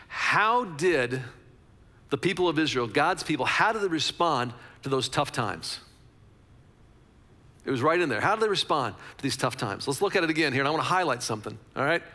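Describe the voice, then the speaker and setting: A man's voice: fairly high pitch, bright, forceful tone, big-room sound. A man preaching a conversational sermon as a pastor, repeating phrases for emphasis.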